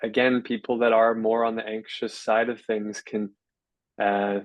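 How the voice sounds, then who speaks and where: A man with a low-set voice talks through anatomy and breathing exercises in a measured, step-by-step way, pausing on fillers and restarting his sentences. The sound is close and dry, with no room around it. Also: level tone, no echo, low-quality recording. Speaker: physiotherapist guest. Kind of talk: explanatory interview talk.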